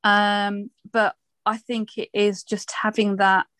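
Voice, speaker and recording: A woman's voice: medium pitch, level tone, slow pace, a bit bright, smooth, no echo. A woman co-hosting a podcast, chatting casually and often restarting her sentences. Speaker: podcast co-host.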